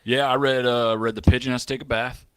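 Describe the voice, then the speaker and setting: A man's voice: mid-range voice, level tone, fast, clear, resonant tone. A man co-hosting a sports show, chatting casually in a playful, joking way and laughing often. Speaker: co-host.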